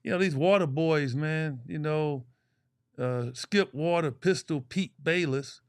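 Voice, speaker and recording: A man in his sixties from Chicago, a former pro basketball player, co-hosting a casual podcast and telling animated stories full of slang and trash talk. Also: a little high, clean tone, dry recording, clean studio sound.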